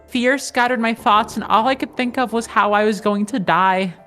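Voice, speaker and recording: A woman's voice: fairly high pitch, normal speed, fairly bright tone, soft background music. Woman narrating a story in first person. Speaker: podcast co-host.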